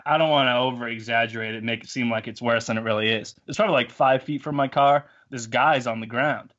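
A man's voice: mid-range voice, fairly even intonation, quick pace, fairly bright tone, dull audio. A man, telling a story in a rambling, self-mocking way on a podcast. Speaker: podcast co-host. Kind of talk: casual storytelling.

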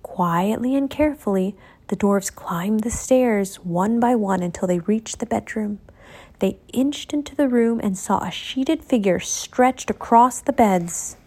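A woman narrating a children's storybook in a clear, steady way. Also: fairly high pitch, takes it slowly.

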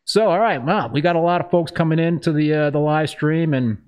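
A man's voice: fairly high pitch, a little fast, clear, resonant tone, highs cut off. A man hosting a live-streamed hobby interview show, upbeat, reading a scripted introduction and then chatting loosely with his guest. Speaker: host of a live-streamed reef-keeping show.

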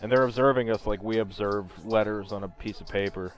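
A man's voice: on the low side, fairly even intonation, brisk. A man chatting casually on a podcast, rambling and swearing freely. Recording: dull lo-fi recording.

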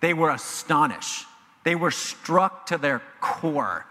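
A man preaching a sermon as pastor, animated and emphatic, in a church sanctuary with long reverb. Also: a little high, takes it slowly, noisy background. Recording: long reverb of a large hall.

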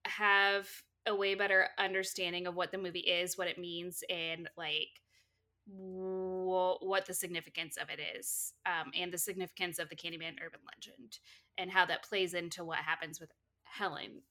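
A woman co-hosting a podcast in casual chat, giggly and animated when excited. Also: lowish voice. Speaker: podcast co-host.

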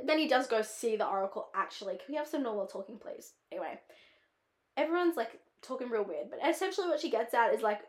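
Casual Australian woman host, chatty and tangent-prone, slightly high voice, echoey room sound. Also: expressive, quick pace. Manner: rambling, heavy use of "like", drifts into tangents. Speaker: podcast host reviewing a film. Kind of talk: casual chat.

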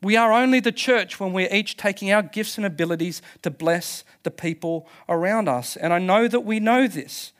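A man's voice: sits high, normal speed, few pauses. A man preaching a passionate sermon as pastor at a church service, emphatic, with restarts and laughs.

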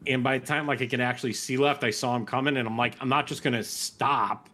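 A man's voice: medium pitch, fast talker. Male co-host, laid-back casual talker, easygoing storyteller. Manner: relaxed, backchannels often, tells stories in a laid-back way. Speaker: podcast co-host. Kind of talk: casual chat.

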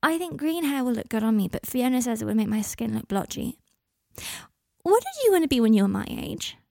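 A woman's voice: fairly high pitch, very animated, fairly quick, gravelly, dark tone, no room sound, pitched above the performer's own voice. Storybook role: a woman playing a clingy, drunk teenage girl, sing-song, in a dry close recording. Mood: tipsy. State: tipsy.

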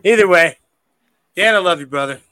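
A man's voice: high voice, normal speed, pushed and bright, clear, resonant tone. A man hosting a podcast, chatting casually and affectionately, with frequent swearing and restarts. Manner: affectionate, rambling, profane. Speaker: podcast host. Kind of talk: casual chat.

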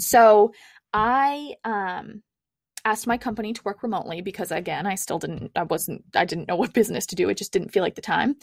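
A woman's voice: mid-range voice, dry recording, clean studio sound. A young adult woman, a coach and podcast guest, telling her own story in a candid, chatty way with frequent "like" fillers. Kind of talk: casual personal storytelling.

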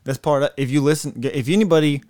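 A man's voice: fairly high pitch, quick pace, darkish tone, no echo, studio quality. A man co-hosting a sports podcast in casual, profane and opinionated chat.

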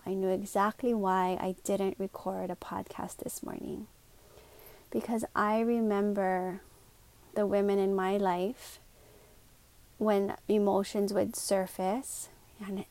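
Woman, solo podcast host, earnest, confiding, quick asides, slowed emphasis, mid pitch. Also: darkish tone. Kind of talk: reflective solo podcast monologue.

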